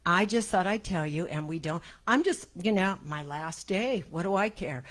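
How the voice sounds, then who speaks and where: A woman minister telling personal stories to her congregation in an emotional, animated way, often laughing. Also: lowish voice, moderate pace, few pauses. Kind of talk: personal storytelling in a church service. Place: church sanctuary before a congregation.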